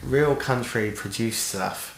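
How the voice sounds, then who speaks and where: A man's voice: mid-range voice, takes it slowly, vocal fry, roomy sound, slight background noise. A man co-hosting a podcast, a guitarist and singer chatting casually and enthusiastically, swearing now and then. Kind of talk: casual chat.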